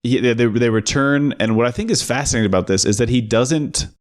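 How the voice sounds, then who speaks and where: A man's voice: mid-range voice, fairly quick. A man co-hosting a podcast, talking through a film's moral questions in a thoughtful, step-by-step way. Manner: thoughtful, builds arguments step by step. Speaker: podcast co-host. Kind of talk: casual film discussion.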